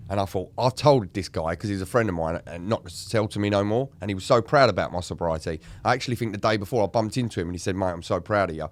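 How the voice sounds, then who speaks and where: Speaking quickly and with few pauses, a man with a lowish voice recounts his own story candidly on a podcast where he co-hosts. He's in recovery, and he swears, grows emotional, and reenacts things others said.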